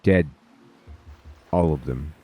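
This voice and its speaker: Weary widowed warrior chief, slow n heavy, deep voice, a guy reading him out in a game. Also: darkish tone, breathy edge, dry recording, full character voice. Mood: mournful.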